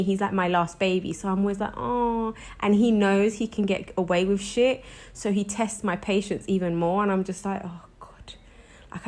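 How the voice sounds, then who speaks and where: A woman co-hosting a podcast, chatting casually and telling anecdotes about motherhood. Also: mid-range voice. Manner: chatty, relaxed anecdotes with laughs. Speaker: podcast co-host. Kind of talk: casual chat.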